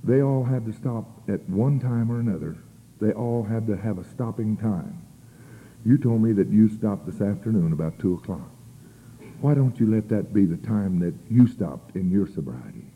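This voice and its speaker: A man quoting a calm, firm sponsor who speaks steadily and matter-of-factly, on a tinny, phone-like old tape. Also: mid-range voice, fast talker, slight background noise, natural voice. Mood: earnest.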